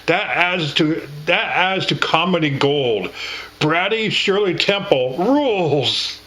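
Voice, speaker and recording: Man co-host, slow rambling delivery, bright tense tone, affectionate and profane. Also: on the high side, expressive, poor audio. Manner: rambling, affectionate, swears casually. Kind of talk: casual reminiscing chat.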